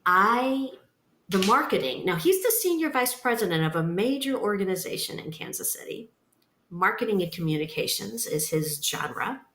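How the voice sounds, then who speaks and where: A woman's voice: medium pitch, big pitch swings, moderate pace, a bit bright. A woman sharing her personal story as a podcast guest, speaking in an earnest, emphatic way. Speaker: guest, nonprofit founder. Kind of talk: personal testimony in a podcast interview. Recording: roomy echo.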